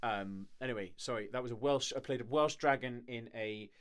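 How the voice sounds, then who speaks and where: A male voice actor chatting on a live stream, loose and rambling, with frequent laughs and lots of restarts. His pitch sits right in the middle for a man. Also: fairly quick, a little hiss or hum. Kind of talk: casual live-stream chat.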